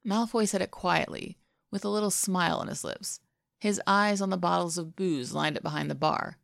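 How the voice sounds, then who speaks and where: A woman narrating a fan fiction story aloud in an even, intimate storytelling way. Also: lowish voice, normal speed, creaky, no room sound, clean studio sound. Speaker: podfic reader.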